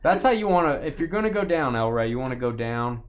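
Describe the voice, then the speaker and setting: A man's voice: medium pitch, expressive, quick pace, a little hiss or hum. A man hosting a live sports card break stream, chatting casually, joking and rambling with a co-host and viewers. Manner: joking, rambling, reads viewer chat aloud.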